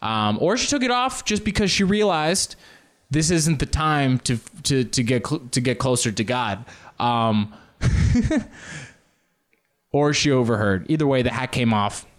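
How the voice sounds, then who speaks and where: A man telling casual, rambling stories on his own show, often jumping into loud comic impressions. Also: medium pitch, expressive, unhurried, long pauses. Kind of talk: casual solo storytelling.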